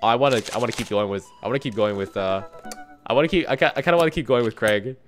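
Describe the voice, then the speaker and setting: A man hosting a let's play video, chatting excitably and stumbling over his words as he decides. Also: medium pitch, racing, soft background music. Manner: excitable, stammers when deciding. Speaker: gaming video host.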